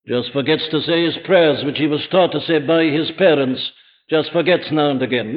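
A man's voice: on the high side, moderate pace. Man preaching with rhetorical questions. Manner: emphatic, full of rhetorical questions. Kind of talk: evening sermon. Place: church before a congregation. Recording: dull lo-fi archive sermon recording.

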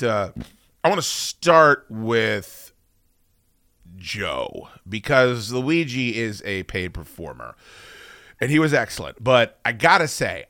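A man hosting a talk show, telling stories in a loose, profane, animated way. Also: fairly low pitch, no room sound, studio quality. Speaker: radio show host. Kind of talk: casual podcast banter.

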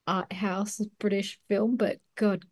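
A woman's voice: mid-range voice, steady tone, takes it slowly, breathy edge, no room sound, studio quality. A woman co-hosting a podcast, chatting casually and laughing often. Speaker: podcast co-host. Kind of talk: casual chat.

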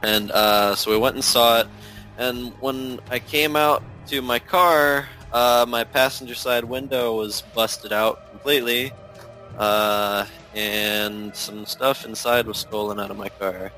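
Slow, halting man with a bright voice. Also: mid-range voice, fairly even intonation, soft background music, poor audio. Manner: slow, halting, laughs often. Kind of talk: casual chat.

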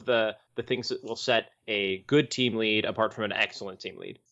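A man speaks in a relaxed, casual way on a podcast and often says "you know." His voice is bright, and the audio is slightly dull. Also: on the low side, normal speed.

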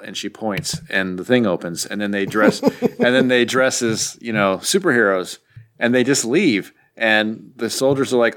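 A man's voice: fairly low pitch, lively intonation, moderate pace, a bit bright. A man hosting a podcast, casually recapping a comic book issue with jokes and lots of fillers. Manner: joking, rambling, many fillers.

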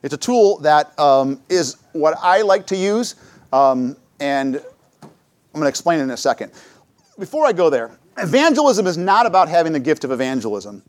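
A middle-aged man speaks at church in a somewhat high voice at a moderate pace, with no room sound. Telling personal stories in a lively way, the church speaker dramatizes both his own quotes and those of others.

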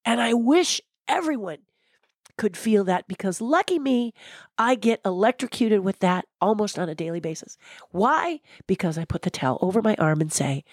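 A woman giving an interview, telling inspirational stories in an animated way and repeating words for emphasis. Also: medium pitch, moderate pace, no room sound, clean studio sound. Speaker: interview guest. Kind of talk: animated motivational storytelling.

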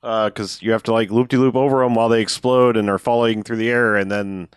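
A man with a low-pitched voice recaps a film in loose, rambling chat, full of "like" and "um" and little quoted voices. The sound is close and dry, with no room around it. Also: fairly even intonation, clean tone, dry recording. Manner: rambling, filler-heavy retelling with quick voiced quotes. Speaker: podcast co-host. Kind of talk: casual chat recapping a movie.

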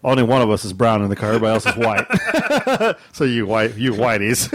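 A man's voice: normal speed, no room sound. A man co-hosting a podcast, telling a funny family story in a casual way, laughing often and acting out the screams. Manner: animated, laughs often, mimics screams in a high voice. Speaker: podcast co-host.

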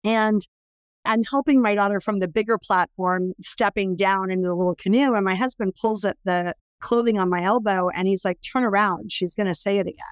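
A woman's voice: mid-range voice, fairly even intonation, normal speed, smooth, no echo. A middle-aged woman from California, a guest in an interview, telling a personal story in an emphatic, intense way. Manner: emphatic, intense, building to impassioned pleas. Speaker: interview guest, anti-trafficking worker.

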